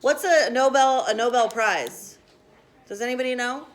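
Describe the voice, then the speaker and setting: Brisk teacher woman in a classroom. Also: fairly high pitch. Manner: brisk, directive, asks the class questions.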